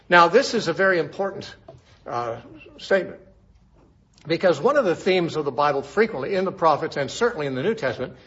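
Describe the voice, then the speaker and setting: Husky man teaching scripture, lo-fi. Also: a little high, fairly bright tone. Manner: conversational, with rhetorical questions. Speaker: Bible teacher. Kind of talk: expository Bible teaching. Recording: dull lo-fi recording.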